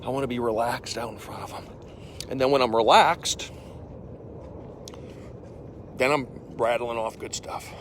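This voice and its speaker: A man in his forties, a comedian livestreaming from his phone while walking outdoors. He speaks in casual chat, reads viewer comments aloud, and coughs and clears an irritated throat. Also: medium pitch, unhurried, long pauses, a little hiss or hum. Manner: animated, jumping from loud bursts to mumbled asides.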